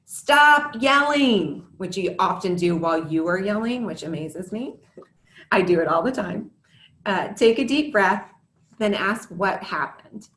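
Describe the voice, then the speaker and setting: A woman in her thirties with a fairly low, expressive voice speaks unhurriedly in a roomy space. A former teacher and a parent herself, she gives a prepared talk to parents, earnest and scripted but with candid asides.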